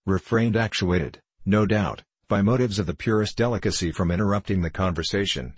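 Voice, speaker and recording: A man reading a classic novel aloud as narrator, in measured, steady storytelling. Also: sits low, breathy edge, no room sound. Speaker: audiobook narrator.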